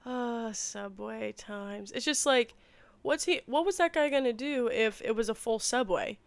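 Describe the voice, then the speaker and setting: Young woman from the Midwest, podcast co-host, chatty animated storyteller, fairly high pitch, dry recording. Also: a little slow, gravelly, no room sound. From Midwest, Missouri. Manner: animated storyteller, lots of "like" and laughs. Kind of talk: casual chat.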